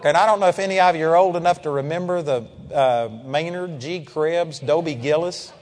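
A man preaching, telling a story in an animated, emphatic way and calling out amen. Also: fairly high pitch, brisk, hardly any pauses, big-room sound. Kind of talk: storytelling sermon.

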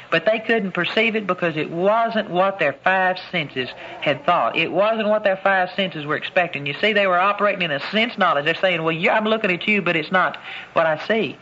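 A man's voice: high-pitched, normal speed, sharp tone. A man preaching a sermon, emphatic and fond of repeating his key phrases. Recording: dull lo-fi recording with faint noise.

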